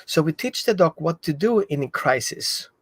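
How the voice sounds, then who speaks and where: A man explaining dog training in an animated way, acting out what the dog thinks. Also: on the high side, normal speed, husky, no echo. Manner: animated, acts out the dog's thoughts. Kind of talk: explanatory talk.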